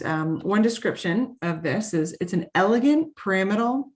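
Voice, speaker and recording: A woman, the head of a garden, giving a heartfelt tribute at an annual meeting, with small restarts. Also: fairly low pitch. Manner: warm, heartfelt, slightly halting with restarts. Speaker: CEO of a garden. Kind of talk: formal meeting tribute speech.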